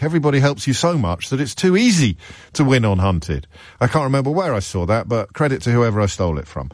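A man's voice: medium pitch, big pitch swings, fast talker, no echo, clean studio sound. A man hosting a radio phone-in, chatty and wry, with lots of restarts. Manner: chatty, wry, self-deprecating, many restarts.

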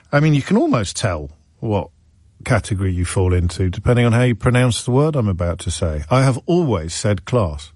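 A man's voice: mid-range voice, darkish tone, dry recording, studio quality. A middle-aged man hosting a talk radio show, musing conversationally and speaking in asides to his listeners. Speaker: radio phone-in host. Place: radio studio. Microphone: studio microphone.

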